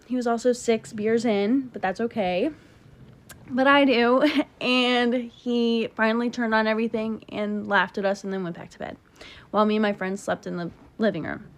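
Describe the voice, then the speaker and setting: A woman's voice: on the high side, fairly even intonation, normal speed. A young woman casually telling a long, rambling breakup story, talking emphatically and cutting herself off. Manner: rambling, emphatic, self-interrupting. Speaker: TikTok storyteller.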